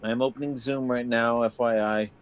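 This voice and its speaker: A man's voice: medium pitch, steady tone, moderate pace, clear, resonant tone. A man co-hosting a casual podcast, tossing off joking asides. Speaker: podcast co-host. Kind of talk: casual chat.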